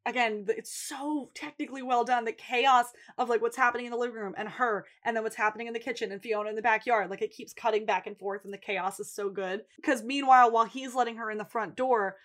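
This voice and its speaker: A woman co-hosting a podcast, recapping a TV episode in an animated, chatty way and swearing freely. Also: a little high, fast talker, few pauses. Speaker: podcast co-host.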